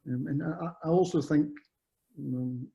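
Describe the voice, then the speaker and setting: This Scottish guest, a former footballer in his fifties, speaks unhurriedly in a little-high voice that's creaky, warm, and husky. In casual chat he rambles and self-corrects through his stories, and the audio is muffled and lo-fi.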